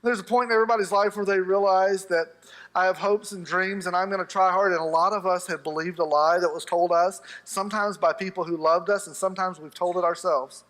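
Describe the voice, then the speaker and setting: A male pastor delivers a sermon in a church sanctuary, his voice pitched high for a man. He tells stories with a humorous touch and acts out the voices of the people in them. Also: fairly even intonation, fairly quick, fairly bright tone.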